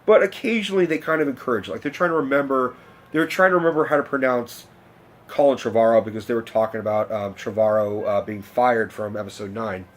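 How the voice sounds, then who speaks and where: A man's voice: medium pitch, fairly quick. A young man, telling a story in a casual, rambling, profane rant to camera. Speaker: vlogger.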